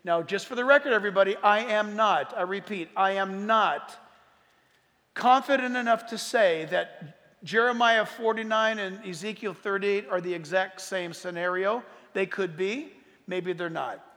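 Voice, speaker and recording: A male pastor delivers a sermon teaching on Bible prophecy at a moderate pace. He is emphatic, growing loud as he reads scripture and dropping low for quiet asides. Echoey hall reverb surrounds the recording.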